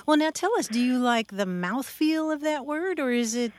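A woman co-hosting a radio talk show, friendly and quick to laugh. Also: high voice, animated, slight background noise. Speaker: radio co-host. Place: radio studio.

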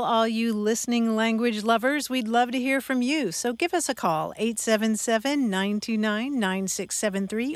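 Bright-toned woman hosting a radio show. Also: a little high, no echo. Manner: friendly, laughs often. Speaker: radio co-host. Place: radio studio.

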